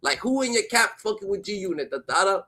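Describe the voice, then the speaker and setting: A man's voice: sits high, sing-song, fast, low-quality recording. A man giving casual, profane reaction commentary, filling his phrases with "da, da, da" and firing off incredulous rhetorical questions. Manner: profane, rambling, fills every phrase with "da, da, da".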